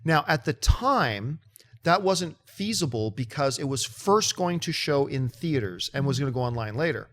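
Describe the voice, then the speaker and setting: A man hosting a movie show, chatting casually and telling a story with lively mimicry of other people. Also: moderate pace. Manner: animated storytelling, mimics others in high excited voice. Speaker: show host. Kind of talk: casual chat.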